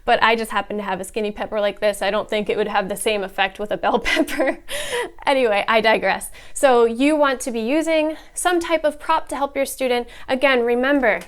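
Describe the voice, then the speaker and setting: A woman's voice: on the high side, brisk, clean tone. A young adult woman, an online English teacher, demonstrating a mock lesson and explaining her techniques in an upbeat, exaggerated classroom voice.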